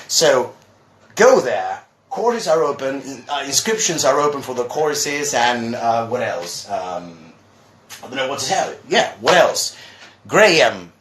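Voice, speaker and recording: A chatty man teaching English live from home, answering viewers as he goes. His voice sits at an ordinary pitch and carries the echo of a bare room. A faint hum of background noise runs underneath. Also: fairly bright tone. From Argentina. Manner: chatty, reads viewer questions aloud. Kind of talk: live-streamed lesson.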